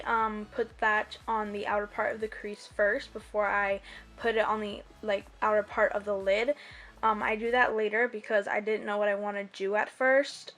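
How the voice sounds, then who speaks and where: A woman's voice: mid-range voice, fairly bright tone. A young woman narrating a casual makeup tutorial as a voiceover, chatty and rambling with many ums and likes. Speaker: beauty vlogger. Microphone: voiceover mic.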